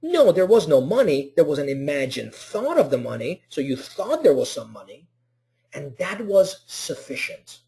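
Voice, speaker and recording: Animated man giving a motivational lecture. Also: a little high, normal speed. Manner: animated, rhetorical questions, acts out scenes. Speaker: motivational instructor. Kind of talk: online class lecture.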